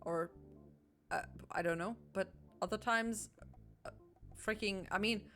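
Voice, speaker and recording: German-accented woman, game streamer, slow, chatty self-corrections. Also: medium pitch, a bit bright, soft background music. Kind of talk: casual game commentary.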